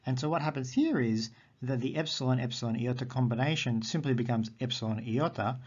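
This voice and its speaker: Guy explaining grammar slow and patient, repeats words, muffled lo-fi sound. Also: medium pitch, darkish tone, breathy edge. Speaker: Greek teacher. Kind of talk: recorded grammar lesson. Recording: dull lo-fi audio.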